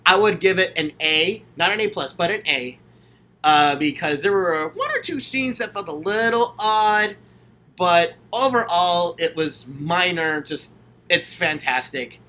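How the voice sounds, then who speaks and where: Bright, eager young-sounding man chatting. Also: sits high, lively intonation, measured pace. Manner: enthusiastic, gushing, chatty with many fillers. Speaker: channel host answering viewer questions. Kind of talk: casual livestream Q&A. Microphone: handheld camera, self-filmed.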